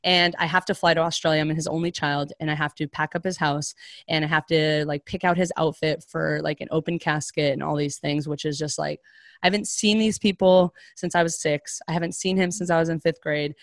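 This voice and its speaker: A woman's voice: deep voice, a little fast, no room sound, clean studio sound. A young adult woman telling a personal story in conversation, chatty and full of "like" fillers, acting out the voices of the people she quotes. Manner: casual, heavy on "like" fillers, animated quoted voices.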